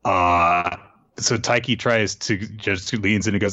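A man with a low voice recaps a manga chapter casually, now and then jumping into higher voices for the characters. The recording is dry and a bit dull, with no room sound. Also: no echo. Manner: animated, jumps into quick high voices for quoted characters. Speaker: podcast co-host.

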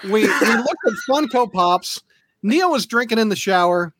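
A podcast host leading a casual group chat, talking quickly with frequent laughs. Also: medium pitch, animated, fairly bright tone.

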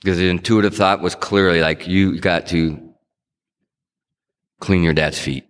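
A man's voice: low voice, fairly even intonation, a little slow, clear, resonant tone. A middle-aged man giving a personal testimony talk in a conversational storytelling way, acting out quotes and often restarting his sentences. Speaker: speaker sharing his recovery story. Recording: long hall reverb.

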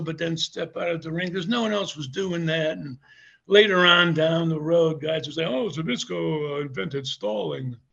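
A man's voice: fairly high pitch, fairly bright tone, highs cut off. An older man, a former wrestler, telling rambling anecdotes in an interview, chuckling often and restarting his sentences. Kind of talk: casual anecdotal storytelling.

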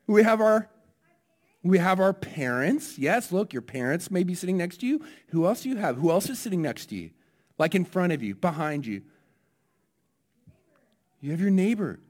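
Man pastor, somewhat high voice, lively, questions the congregation. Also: moderate pace. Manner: lively, asks listeners questions. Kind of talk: children's message then sermon.

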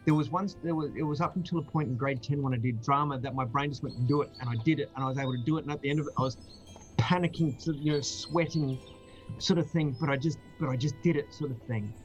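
A man's voice: mid-range voice, fast talker, faint music behind, low-quality recording. A man from Australia, chatting casually on a livestream, rambling with many ums and restarts. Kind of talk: casual chat.

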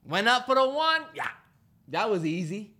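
A man's voice: high-pitched, moderate pace. A man co-hosting a podcast, telling a story in casual chat, acting out what people said and laughing often, out of breath. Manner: animated, acts out quotes, laughs a lot. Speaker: podcast co-host.

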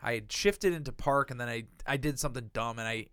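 A man's voice: mid-range voice, fast talker, fairly bright tone, smooth, no room sound, studio quality. A man telling a long, exasperated story in casual chat, swearing a lot and acting out the people he quotes.

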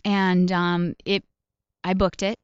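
A woman's voice: on the low side, little pitch movement, slow, clean tone, no room sound, lo-fi sound. A woman comedian and voice actor chatting in an interview, telling stories in a self-deprecating way with laughs along the way. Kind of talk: casual interview chat.

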